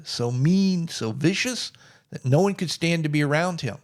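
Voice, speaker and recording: A man's voice: fairly high pitch, expressive, normal speed. A middle-aged man telling a personal story in a plainspoken, wry way. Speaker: vlogger.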